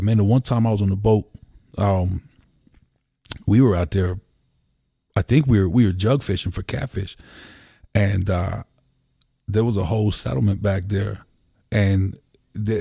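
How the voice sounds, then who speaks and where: A Pennsylvania man guesting on a podcast tells loose, rambling stories from a home room, peppered with "you know" and casual swearing. His lowish voice is dark and husky with vocal fry, captured in clean studio sound without echo.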